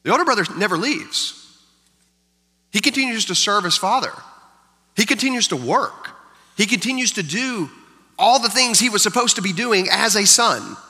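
A man's voice: high voice, lively intonation, moderate pace, long pauses, pushed and bright. A man preaching a sermon as pastor, emphatic, repeating key lines for effect. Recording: long hall reverb.

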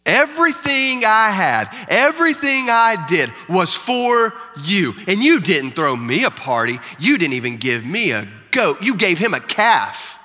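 A man acting out a resentful, dutiful older brother in a parable, complaining slowly and indignantly. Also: high-pitched, very animated, pushed and bright, soft background music, heavily acted. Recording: long hall reverb.

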